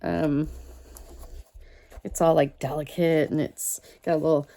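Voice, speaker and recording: Woman crafting host, casual rambling chat, mellow gravelly voice. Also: low-pitched, steady tone, measured pace, a little hiss or hum. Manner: chatty, rambling storyteller, talks to herself while working.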